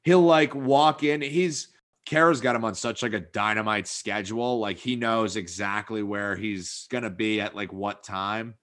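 A man's voice: fairly low pitch, fairly even intonation, measured pace, a bit bright. A man co-hosting a podcast, chatting in an easygoing, rambling way with an occasional swear. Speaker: podcast co-host. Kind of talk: casual chat.

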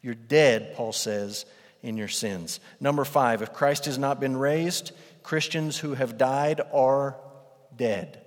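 A man's voice: medium pitch, slow. A man preaching a sermon as pastor, emphatic, repeating phrases for weight. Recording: long reverb of a large hall.

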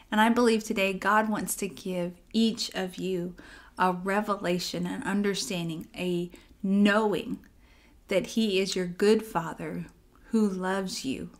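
Woman, devotional talk, conversational, acts out inner dialogue, soft near-whisper at tender moments. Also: medium pitch. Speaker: devotional speaker.

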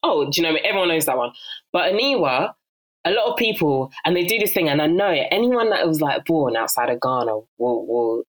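A young woman from South London, a guest in a casual interview, has a voice that sits low and talks fast. She tells her stories with animation, acting out how others sound and laughing often.

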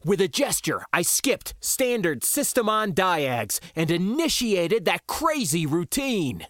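A male author narrates his own science fiction tale in the first person. His delivery is unhurried and dramatic, with a lively, swinging pitch. The sound is close and dead dry, like a home booth. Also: dry recording.

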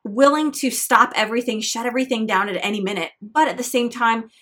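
A woman's voice: a little high, fairly quick, fairly bright tone. A middle-aged woman hosting her own podcast, talking alone in an earnest, encouraging way about pressing on through hard times. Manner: earnest, encouraging, faith-tinged. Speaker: podcast host. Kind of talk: solo motivational podcast monologue.

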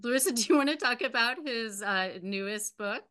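A woman's voice: fairly high pitch, brisk, bright, forceful tone, clear, resonant tone. A woman co-hosting a casual book chat, adding comparisons in a chatty way with fillers like "you know.". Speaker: bookstore co-host.

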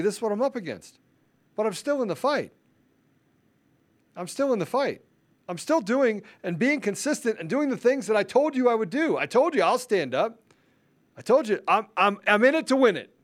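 A man hosting a political commentary show, ranting in a fiery, repetitive, emphatic way. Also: sits high. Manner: self-described introvert. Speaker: show host.

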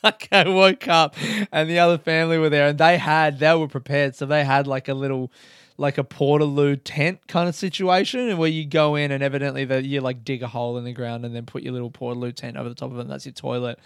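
A man's voice: mid-range voice, steady tone, fast, fairly bright tone, clear, resonant tone, no echo, clean studio sound. A young man, a comedian, telling rambling, laugh-filled stories on his podcast and swearing freely. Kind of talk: casual storytelling podcast.

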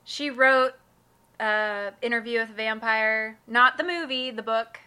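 A woman on a podcast with a bright, sharp tone and a voice pitched a little high. She chats casually and teases her co-host playfully. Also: measured pace, clear, resonant tone. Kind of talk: casual chat.

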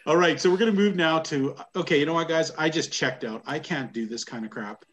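A man's voice: on the high side, fairly quick, a bit bright, slight background noise. Blunt, sarcastic man hosting a wrestling chat. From Canada. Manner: blunt, sarcastic, laughs often. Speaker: podcast host. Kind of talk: casual wrestling review chat.

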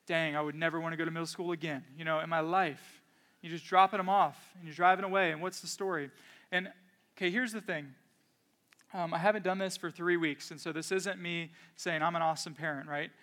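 Male pastor, thirties, high voice, bright tone, earnest conversational sermon. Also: brisk. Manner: earnest, conversational preaching with personal stories.

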